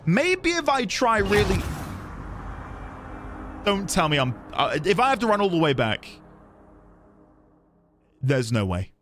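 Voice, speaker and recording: A British man streaming a video game, chatting to viewers in an animated, self-mocking way. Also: high voice, a little slow, long pauses, over music. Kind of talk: gaming commentary.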